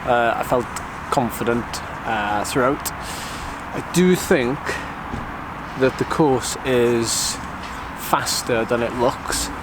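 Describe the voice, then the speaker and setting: A man chatting casually to camera, thinking aloud after a warm-up lap at a muddy outdoor course. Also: medium pitch, takes it slowly. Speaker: vlogger and amateur cyclocross racer. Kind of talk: casual vlog chat to camera. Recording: outdoor recording with clear background noise.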